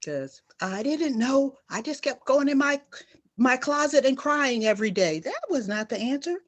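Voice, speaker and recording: A woman's voice: high-pitched, lively intonation, moderate pace. A middle-aged woman, a nurse, giving earnest, emphatic personal testimony on a panel and repeating her key phrases for weight. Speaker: nurse guest speaker.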